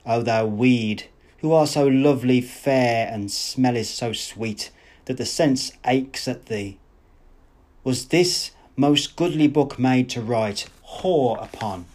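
A man reading aloud, voicing an enraged young man who shouts and recites verse in a rhythmic rant. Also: mid-range voice, takes it slowly, natural voice. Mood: raving.

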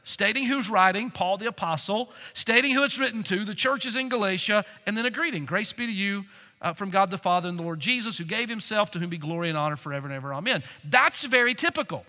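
A man preaching an expository sermon, reading scripture and explaining it with emphatic swings from loud to quiet. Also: sits high, quick pace. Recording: long hall reverb.

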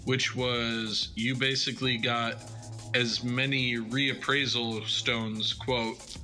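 A man's voice: mid-range voice, little pitch movement, slow pace, sharp tone, faint music behind. A man co-hosting a casual gaming chat, joking and asking rambling questions. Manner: jokey, self-deprecating, asks long questions. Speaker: co-host.

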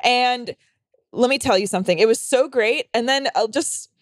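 A woman's voice: fairly high pitch, normal speed, dry recording, studio quality. A young adult woman, a comedian and podcast host, telling a story in casual chat, rambling with constant fillers, swearing, and acting out quotes in dramatic voices.

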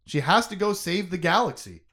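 A man's voice: high-pitched, expressive, a little fast, a bit bright. Emotive young man chatting casually. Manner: emotive, laughing, conversational with many fillers. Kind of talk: casual chat about a novel.

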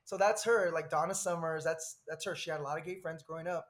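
A man in his thirties from Southern California, a podcast guest telling a personal story in a lively, rambling way with frequent laughs. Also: a little high, quick pace. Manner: animated, laughs often, rambling asides.

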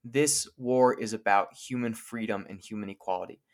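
A man co-hosting a podcast, explaining a famous speech in a clear, lecturing way and slowing down to quote lines from it. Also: fairly low pitch. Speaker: podcast co-host.

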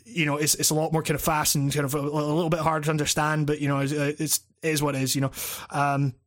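A man's voice: on the high side, flat delivery, fast. Rambling Scottish man on a podcast. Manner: rambling, many fillers and restarts, swears casually. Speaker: podcast co-host and video essayist. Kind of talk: casual podcast chat.

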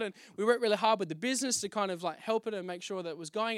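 A man's voice: high voice, fast, few pauses, fairly bright tone, smooth, dry recording, studio quality. A young man preaching a conversational testimony sermon, telling his story with restarts and acting out his own past exclamations. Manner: frequent restarts and fillers, conversational. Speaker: pastor.

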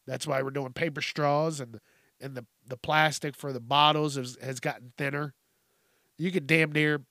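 A man's voice: a little high, vocal fry, sharp tone, no echo, clean studio sound. A man hosting a podcast, ranting casually with heavy profanity and exasperation. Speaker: podcast host. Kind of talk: casual solo rant.

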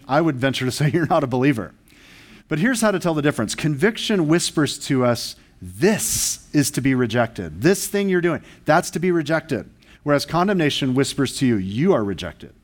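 Man preaching a verse-by-verse sermon. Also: a little high. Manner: conversational teaching, shifts pace for emphasis, occasional restarts. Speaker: pastor.

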